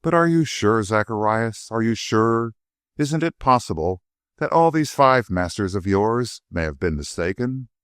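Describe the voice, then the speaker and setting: A man voicing a young woman who asks gentle, earnest questions and bristles quickly. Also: lowish voice, lively intonation, smooth, dry recording, studio quality. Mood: pleading.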